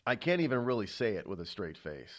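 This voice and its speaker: A male talk show host giving political commentary, halting often with restarts and sighs. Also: fairly low pitch, very animated.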